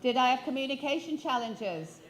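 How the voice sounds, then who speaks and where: On stage, a Yorkshire woman in her fifties from England delivers a keynote, telling motivational stories with humor and playfulness while posing questions to the audience. Her voice is high, slightly bright, and expressive, moving at a moderate pace.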